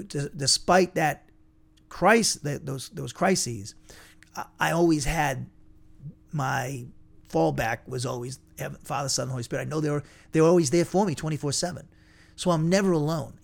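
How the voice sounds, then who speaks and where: A man's voice: a little high, gravelly. A man teaching an informal Bible lesson, conversational and digressive, thinking aloud as he goes.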